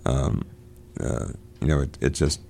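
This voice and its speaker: Very deep, gravelly-voiced man reading aloud. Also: warm tone. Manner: halting, many fillers and restarts. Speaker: discussion leader. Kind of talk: reading aloud and discussing a novel.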